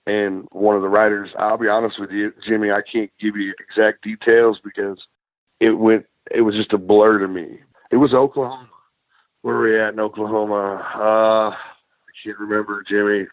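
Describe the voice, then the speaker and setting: A man's voice: fairly low pitch, moderate pace, dry recording. A man, a former wrestler, telling road stories as a podcast guest, cursing freely and acting out what others said. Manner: profane, animated storyteller, acts out quotes. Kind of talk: casual storytelling interview. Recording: dry, phone-like narrow sound.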